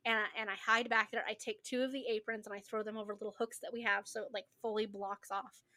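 A woman's voice: medium pitch, little pitch movement, fast talker, sharp tone. A young woman co-hosting a podcast, telling a work story in casual chat with emphatic repetition and casual swearing. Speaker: podcast co-host.

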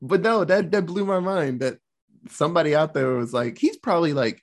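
A man co-hosting a podcast, reviewing a movie in casual chat, excitable and rambling, swearing freely. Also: on the high side, a little fast. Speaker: podcast co-host.

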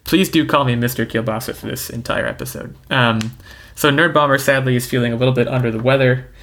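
Guy hosting a podcast, laid back and jokey, lots of ums, pretty average pitch. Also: steady tone, fast talker, fairly bright tone. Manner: easygoing and jokey, with lots of hesitation sounds. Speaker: podcast host. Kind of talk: casual podcast chat.

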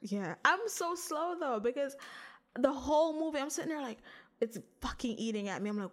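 A woman co-hosting a podcast in casual chat, animated, laughing often and swearing casually. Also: high-pitched, fairly quick. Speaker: podcast co-host.

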